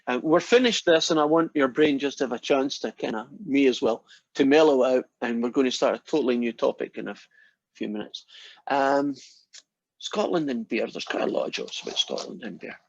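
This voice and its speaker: A man's voice: mid-range voice, brisk, dry recording, dull audio. A man giving a casual university lecture, telling jokes and acting out the characters in them. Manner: chatty, storytelling, acts out quoted characters.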